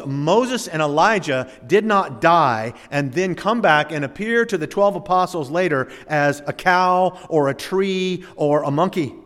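A man preaching a sermon in earnest, dropping soft and low, then rising loud and high for emphasis. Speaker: pastor. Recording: long reverb of a large hall.

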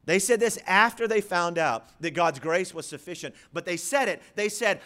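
Pastor guy preaching, high-ish voice, really animated, goes loud then quiet. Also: normal speed, hardly any pauses. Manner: dramatic preaching, swinging between loud and quiet; acts out imagined voices of listeners. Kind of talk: sermon.

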